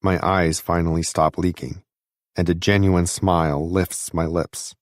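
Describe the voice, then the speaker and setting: A man narrating a first-person audiobook in a steady, intimate reading on a close studio mic. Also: low voice, a little slow, no room sound.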